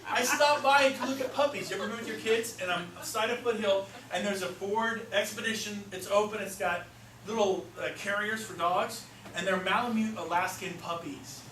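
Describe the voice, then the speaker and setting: A middle-aged man speaking as a real estate trainer, telling stories in an animated way and acting out the voices he quotes. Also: high voice, moderate pace. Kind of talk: storytelling seminar talk. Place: seminar room. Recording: echoey room, mic far off, noisy.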